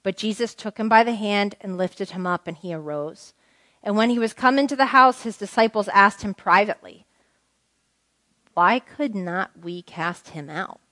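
A woman's voice: mid-range voice, animated, normal speed, bright, forceful tone, no echo. Woman teaching scripture, dry close sound. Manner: conversational, asks the group questions, reads scripture aloud. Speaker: Bible teacher. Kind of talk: informal Bible teaching to a group.

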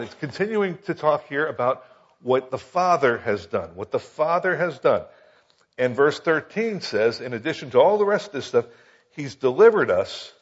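A man's voice: mid-range voice, breathy edge, lo-fi sound. A man teaching the Bible in a folksy, conversational sermon, often tossing rhetorical questions at his listeners.

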